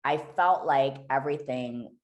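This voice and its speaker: Woman with a really deep voice, raw and candid, swearing as she tells her story on a podcast. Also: a little slow, lo-fi sound. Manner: raw, emotional, swears freely. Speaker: podcast guest.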